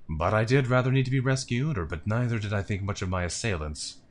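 A man narrates a text adventure aloud in expressive storybook fashion, pausing for musing asides. His voice sits low and deep. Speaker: let's play narrator.

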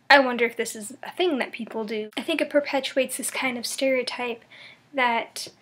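A woman's voice: fairly high pitch, a bit bright. Rambling young woman vlogging thoughts. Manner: rambling and thoughtful, many fillers and restarts. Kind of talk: casual vlog monologue.

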